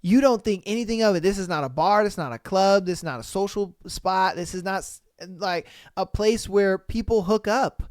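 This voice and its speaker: A man hosting a podcast, reacting to stories in casual, slangy talk and breaking into loud exclamations. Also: high-pitched, moderate pace, few pauses, no room sound, studio quality. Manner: exclaiming, slangy, calls listeners bro. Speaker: podcast host.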